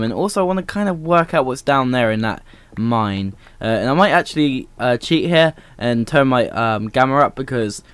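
A man's voice: medium pitch, dry recording. A young man giving casual, rambling let's-play commentary as host of a gaming channel, full of "uh" fillers and upbeat remarks.

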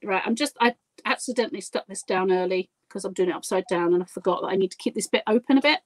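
A guest crafter leads a live demonstration of a project, talking at a quick pace in a medium-pitched voice. The audio is poor but echo-free. She's chatty and giggly, poking fun at herself as she works.

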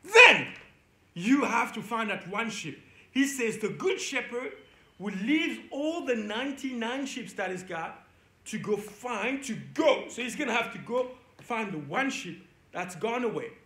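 A man's voice: very high-pitched, lively intonation, measured pace, a bit bright, roomy sound. A man teaching young children at church, playful and coaxing as he talks straight to the kids. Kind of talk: lively lesson for young kids.

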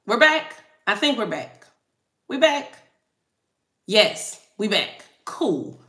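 A woman chats with her live-stream viewers as a tarot reader. She talks slowly and loosely, laughing easily, and her voice has a bright, forceful edge. The sound is roomy and echoey. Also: mid-range voice, sing-song. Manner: chatty, laughs easily, reads out viewer comments.

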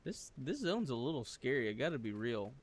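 A young man hosting a let's play, chatting casually and joking, then bursting into loud shouts. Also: medium pitch, big pitch swings, a little fast. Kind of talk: casual gaming chat.

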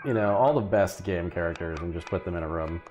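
A man's voice: sits low, fast talker, a little mellow, slight background noise. A man streaming a game and chatting casually, laughing often and exclaiming at what happens on screen. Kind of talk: casual gameplay commentary.

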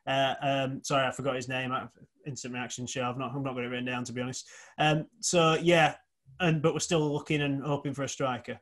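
A man's voice: mid-range voice, little pitch movement, fairly quick, a bit bright. A man hosting a casual football podcast, chatty and teasing toward his co-host.

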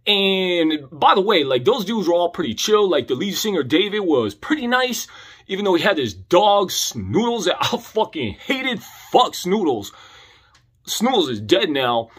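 A man's voice: high voice, big pitch swings, measured pace, fairly bright tone, breathy edge. Slangy man telling a wild story. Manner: laid-back slangy delivery, calls listener homie and dog. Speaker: comedic storyteller. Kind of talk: comedic storytelling monologue.

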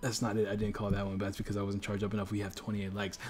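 A young man with a very deep, low voice runs a livestream in a loose, slangy way. He keeps building hype, repeats little chants over and over, and talks straight to his chat like friends. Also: completely flat delivery, rapid-fire, few pauses, a little mellow, soft background music. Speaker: livestream host. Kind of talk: hyped livestream chat while opening card packs.

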